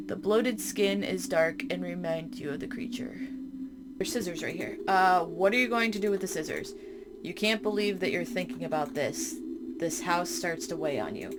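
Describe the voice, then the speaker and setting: A woman's voice: on the low side, normal speed, noisy background. A woman playing a horror game, reading its text aloud and breaking off for startled, chatty asides. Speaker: game streamer.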